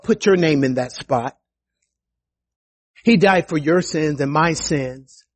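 A man delivers a sermon with a high, lively voice that swings up and down for emphasis. He talks at an unhurried pace with a slightly husky edge, and turns to his listeners with casual asides. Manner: animated, rises high for emphasis and quoted voices; conversational, with restarts and asides to the congregation. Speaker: preacher.

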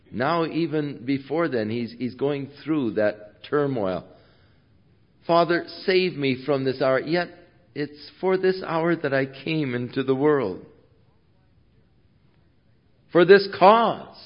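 Casting: man slow deliberate preacher, sermon expounding scripture, dull lo-fi sound. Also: a little high, expressive. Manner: expository preaching, swings from hushed to loud.

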